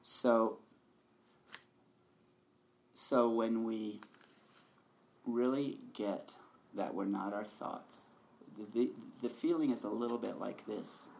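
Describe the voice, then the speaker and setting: Male meditation teacher, gravelly voice, mid pitch, easygoing dharma talk with light laughter. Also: slow, long pauses, slight background noise. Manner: relaxed, laughing, conversational.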